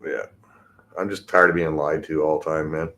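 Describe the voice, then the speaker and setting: A man's voice: flat delivery, normal speed, a bit bright. Male podcast host, profane rambling solo rant, agitated and exasperated. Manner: swings between low mutters and high exasperation.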